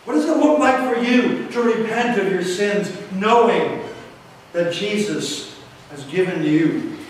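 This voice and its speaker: A man preaching a sermon in a church, unhurried, with dramatic pauses and rhetorical questions. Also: sits high, animated, a little hiss or hum. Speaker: pastor. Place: church sanctuary. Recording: echoey hall from far off.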